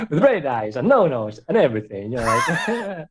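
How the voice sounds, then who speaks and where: A man's voice: on the high side, wildly swooping pitch, measured pace, background noise. A young man reading a fan fiction aloud for laughs, often breaking into giggles as he comments. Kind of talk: comedic dramatic reading with commentary.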